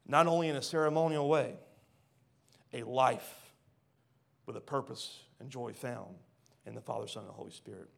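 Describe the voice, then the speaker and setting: A man preaching a sermon, reading scripture aloud and questioning the congregation, swinging from hushed lines to loud ones. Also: mid-range voice, normal speed, gravelly, pauses often. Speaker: pastor.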